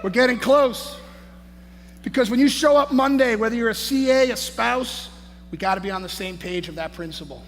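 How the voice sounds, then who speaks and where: A man giving a hyped-up motivational speech as a conference speaker on stage, shouting and peppering his lines with "man" and "baby". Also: very high-pitched, moderate pace, some chatter behind. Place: large conference hall on stage. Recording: echoey hall, faint noise.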